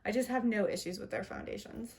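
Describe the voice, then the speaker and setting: A woman's voice: mid-range voice, fairly quick, creaky, noisy background. A young woman chatting casually through a makeup review, upbeat and chatty, with little self-deprecating laughs. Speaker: beauty vlogger.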